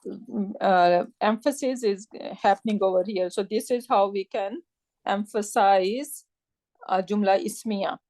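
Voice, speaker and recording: A woman teaching a live grammar class, explaining step by step and often checking with "right?", in a warm, encouraging tone. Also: mid-range voice, unhurried, no echo. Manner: warm encouraging tone with religious phrases.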